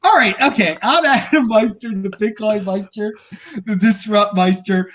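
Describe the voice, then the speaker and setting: A man hosting a casual podcast, joking excitably and stumbling over his words. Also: high voice, normal speed. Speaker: host.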